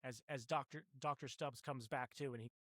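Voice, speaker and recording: A man's voice: mid-range voice, fairly even intonation, fairly quick, no echo. A man narrating as game master of a tabletop horror game, often restarting his words as he explains the scene.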